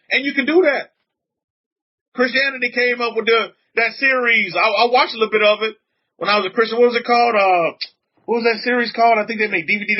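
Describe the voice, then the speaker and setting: Emphatic high-voiced male preacher, lo-fi. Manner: emphatic, repetitive preaching with frequent pitch swings. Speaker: rabbi. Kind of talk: livestream sermon reading chat comments. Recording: dull lo-fi audio.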